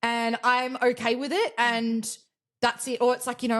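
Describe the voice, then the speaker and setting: A woman's voice: a little high, fairly even intonation, normal speed. A woman in her twenties with an Australian accent, co-hosting a podcast in casual chat, blunt and sweary, laughing often. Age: 20s. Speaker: podcast co-host.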